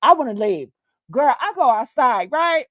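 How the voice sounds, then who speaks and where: A woman hosting a stream, telling a story in a chatty, animated way, swearing freely and calling the listener "girl.". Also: high voice, moderate pace, dry recording, highs cut off. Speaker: host. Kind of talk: casual storytelling on a live stream.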